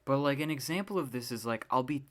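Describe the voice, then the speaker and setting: A woman's voice: a bass voice, expressive, fast. A woman hosting a casual solo podcast, rambling with many fillers and frequent swearing in an exasperated rant. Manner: exasperated ranting. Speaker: podcast host.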